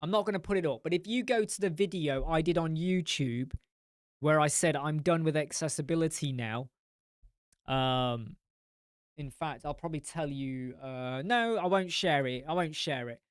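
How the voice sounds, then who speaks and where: A man's voice: a little high, moderate pace, smooth, dry recording, clean studio sound. Blunt man on a live chat. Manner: blunt, rambling, swears. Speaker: host. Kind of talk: casual live-stream chat.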